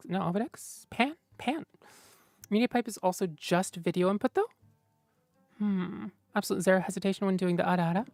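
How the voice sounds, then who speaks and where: A woman's voice: medium pitch, creaky, a little mellow, no echo. Playful woman streamer chatting casually. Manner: playful, teasing. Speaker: streamer reading chat. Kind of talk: casual livestream chat.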